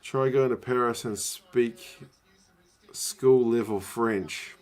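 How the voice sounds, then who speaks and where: A man's voice: mid-range voice, takes it slowly, darkish tone. A man hosting a casual live watch-along from his living room, chatting and answering viewers' questions. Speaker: livestream host.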